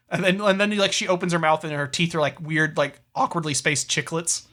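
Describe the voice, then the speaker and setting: A man's voice: on the high side, fairly quick, pushed and bright. A man co-hosting a podcast, riffing crudely and animatedly in casual chat. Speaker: podcast co-host.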